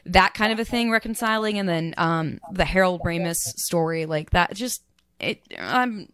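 A woman on a podcast reminiscing emotionally in casual chat, with many fillers and pauses. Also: fairly low pitch, lively intonation, fairly bright tone, smooth, no echo. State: tearful.

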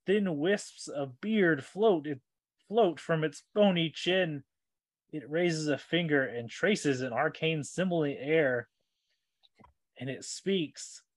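A man running a tabletop game as game master, narrating in a relaxed, unhurried way with loose fillers. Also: fairly high pitch, no room sound.

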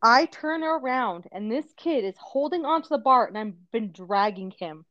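A woman co-hosting a parenting podcast, telling a lively story in casual chat, acting out quotes and laughing often. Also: fairly high pitch, moderate pace, dry recording, dull audio. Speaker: podcast co-host, mother.

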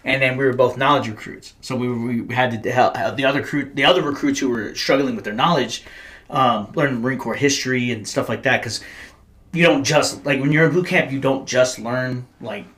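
A man's voice: medium pitch, a little fast, a bit bright. A man in his thirties, a podcast host, telling stories in casual, profane, slangy chat. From United States.

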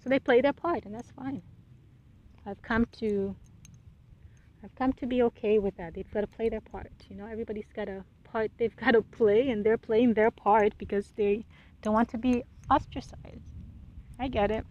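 Talking on her own podcast, this host sounds fed up and blunt, cursing often and firing off one rhetorical question after another in a casual solo monologue. She speaks at a normal speed with a fairly high, fairly even voice and a darkish tone, captured on a muffled recording.

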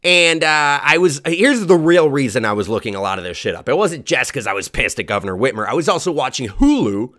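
A man rants from a home basement, crude and exasperated. His voice is bright and forceful, and his pitch swings widely as he vents. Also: sing-song, fairly quick, few pauses. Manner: angry, crude, exasperated ranting. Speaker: comedian podcast host. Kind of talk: profane ranting monologue.

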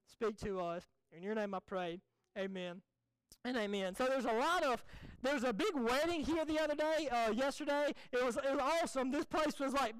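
Male pastor, very high and smooth, chatty joking sermon. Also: a bit bright, no room sound, rough recording. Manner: conversational and joking, with acted quotes.

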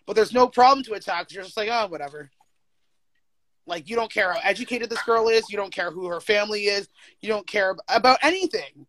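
A young adult interviewee in casual conversation, talking emphatically with lots of "like" fillers and quick laughs. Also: mid-range voice, a bit bright.

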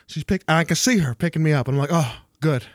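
A young man co-hosting a casual chat, telling a story with lots of restarts and jumping up in pitch whenever he quotes someone. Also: racing, no room sound, clean studio sound. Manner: animated, jumps high when quoting people.

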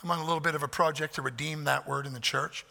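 A man preaching a sermon, emphatic, swelling loud on repeated phrases, with folksy asides. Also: a little high, steady tone, fast talker, vocal fry. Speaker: pastor. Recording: long hall reverb.

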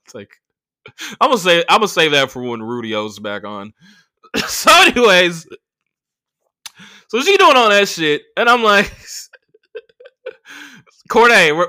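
A young man hosting a podcast, talking in a high, swooping, very bright voice. He tells a rambling dating story and curses freely. He acts out each person's lines in the story. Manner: profane, animated, acts out quoted voices. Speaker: podcast host. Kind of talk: casual storytelling monologue.

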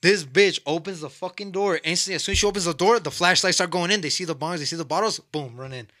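Fast-talking young man telling a wild story. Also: on the high side, pushed and bright, no room sound, studio quality. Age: young adult. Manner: rambling, profane, laughs through his story. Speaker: podcast guest storyteller. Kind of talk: casual storytelling chat.

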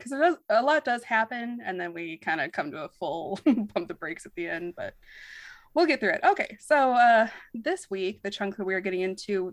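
A woman's voice: mid-range voice, fairly bright tone, no echo, clean studio sound. A young woman co-hosting a casual podcast, chatty and laughing often. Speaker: podcast co-host.

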